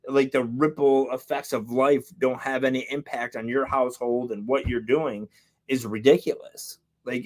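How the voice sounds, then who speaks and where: A man's voice: mid-range voice, a little mellow. A man co-hosting a podcast, talking in a heated, rambling way with lots of filler words and swearing. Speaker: podcast co-host. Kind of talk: casual chat.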